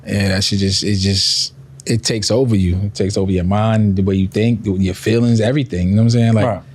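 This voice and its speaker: A man's voice: lowish voice, fairly even intonation, fairly quick, a little mellow. A man co-hosting a podcast, candidly telling a slangy story of a hard hospital stay. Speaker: podcast co-host. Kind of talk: casual chat.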